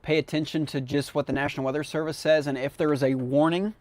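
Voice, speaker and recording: A man's voice: on the high side, little pitch movement, fast, darkish tone. A man hosting live severe weather coverage on the radio, chatting casually as he tracks storms and eats. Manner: casual, chatty, talks with mouth full. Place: radio studio.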